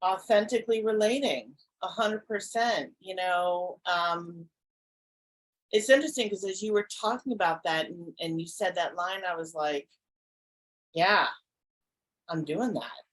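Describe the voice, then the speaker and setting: A woman's voice: lowish voice, moderate pace, low-quality recording. A woman hosting a podcast, talking earnestly and reflectively, often restarting her sentences. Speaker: podcast host. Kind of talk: casual conversation.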